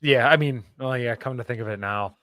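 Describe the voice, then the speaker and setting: A young man who is a father, co-hosting a podcast, chatting in a laid-back, halting way with many restarts. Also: medium pitch, sharp tone, no echo, studio quality. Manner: laid-back, hesitant, repeats words. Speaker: podcast co-host. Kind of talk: casual podcast chat.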